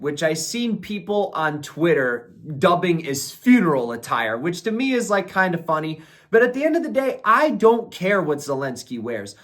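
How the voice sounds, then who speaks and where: Young male commentator, slightly higher voice, blunt and opinionated, strings his points together in long run-on sentences. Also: fairly bright tone. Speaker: political commentator. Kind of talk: solo commentary video.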